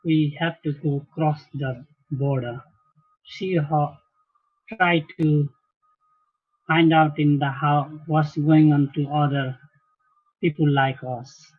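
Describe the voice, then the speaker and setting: Halting man guest on a tinny line. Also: a little high, fairly even intonation. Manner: halting, searching for words, many restarts. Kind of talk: casual interview talk.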